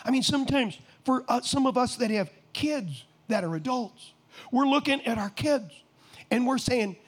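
Very high-voiced preacher, rising to shouts. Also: male voice, lively intonation, normal speed. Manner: impassioned, rising to shouts, rhetorical questions to the congregation. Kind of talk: sermon.

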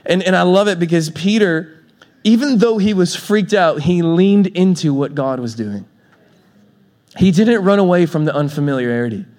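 A man's voice: high voice, lively intonation, moderate pace, a little mellow. A man preaching a sermon in a church, telling stories with a playful manner and laughing often. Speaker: pastor.

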